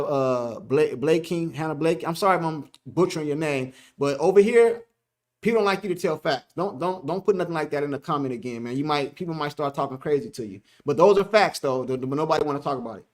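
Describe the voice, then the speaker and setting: High-voiced joking sports streamer man. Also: animated, a little fast. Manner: loose, joking, repeats himself, laughs often. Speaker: sports talk streamer reading live chat. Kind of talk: casual live-stream chat.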